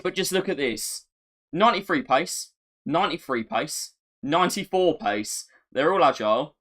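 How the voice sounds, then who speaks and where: A man chatting on a live stream, excitable and self-mocking, often repeating himself. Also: a little high, normal speed. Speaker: gaming streamer. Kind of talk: casual live-stream chat.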